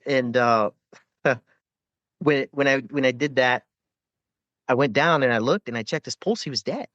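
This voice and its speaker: A man's voice: mid-range voice, fairly quick, fairly bright tone, no echo. Man, mid-range voice, casual profane storytelling, dry, slightly muffled audio. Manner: profane, rambling war stories with frequent fillers and laughs. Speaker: podcast guest, former Navy corpsman.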